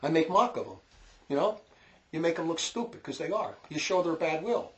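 A man with a New Jersey accent lectures on faith in an emphatic, repetitive way, pressing his points again and again. His voice sits a little higher than most men's. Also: expressive, fairly bright tone. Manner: emphatic, repetitive, quick to scold. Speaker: religious teacher. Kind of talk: informal religious lecture.

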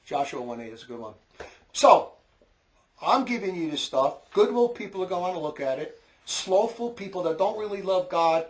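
A man's voice: high voice, animated. Emphatic New Jersey man lecturing. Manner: emphatic, repetitive, quick to scold. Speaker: religious teacher. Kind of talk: informal religious lecture.

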